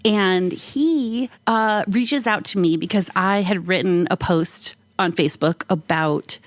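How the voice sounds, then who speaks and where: A woman in mid pitch tells a rambling, funny anecdote on a podcast, dropping "like" every few words. She mimics other people's lines with sudden high leaps in her voice. The recording is dry and close, with no room sound. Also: slow pace, no room sound. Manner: animated, acts out quoted voices with big pitch jumps; frequent "like" fillers. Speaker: podcast co-host. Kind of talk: casual storytelling.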